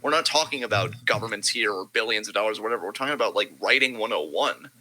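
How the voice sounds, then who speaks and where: A man co-hosting a casual wrestling commentary podcast, talking in an animated, sarcastic way and swearing freely. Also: lowish voice, fast talker, slight background noise, rough recording. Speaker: podcast co-host.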